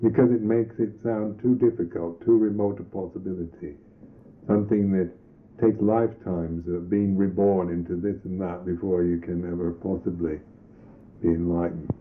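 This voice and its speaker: A Buddhist monk teacher giving a reflective meditation talk, pausing and restarting his phrases often. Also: sits low, steady tone. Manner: slow, reflective, halting with restarts. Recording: tinny lo-fi old recording.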